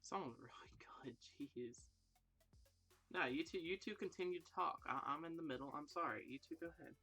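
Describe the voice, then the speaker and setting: A man's voice: fairly high pitch, a little fast, bright, forceful tone, faint music behind. A young man hosting a casual livestream, rambling and joking about himself as he chats with viewers. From Ireland. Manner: self-deprecating, rambling, jokey. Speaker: livestream host. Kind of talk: casual live chat with viewers.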